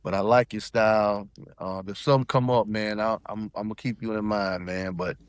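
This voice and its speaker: A man's voice: lowish voice, steady tone, a little fast, clean tone, dry recording. A man from South Carolina, telling a story in casual chat and acting out quotes in shifting voices. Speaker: podcast guest.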